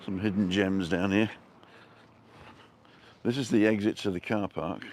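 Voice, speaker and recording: A man's voice: lowish voice, steady tone, unhurried, darkish tone, slight background noise. A middle-aged man live-streaming a walking tour outdoors, chatting and greeting viewers by name from a handheld phone. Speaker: vlogger. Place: outdoors on town streets.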